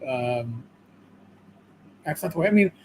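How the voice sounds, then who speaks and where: A man's voice: medium pitch, animated, unhurried, slight background noise, poor audio. A man with a New York accent co-hosting a livestream, talking emphatically and restarting his words. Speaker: co-host. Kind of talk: casual livestream discussion.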